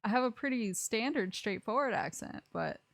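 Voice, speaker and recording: A woman's voice: fairly high pitch, lively intonation, moderate pace, creaky, dry recording, studio quality. A young woman from Alabama with a Southern accent, chatting casually on a game stream, rambling and laughing often. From Alabama, USA. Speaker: streamer host.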